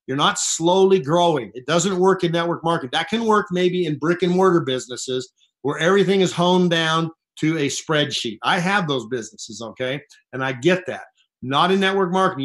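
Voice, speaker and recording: A man's voice: fairly high pitch, a bit bright. A man giving an emphatic, repetitive motivational sales talk to distributors over a conference call. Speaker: network marketing distributor. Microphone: phone call.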